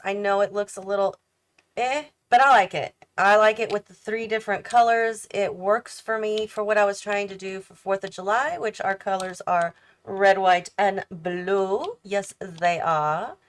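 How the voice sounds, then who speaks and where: A tired, yawning woman chatting casually as she builds a house in a game, thinking aloud and questioning her own choices as she goes. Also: mid-range voice. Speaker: host of a gaming channel.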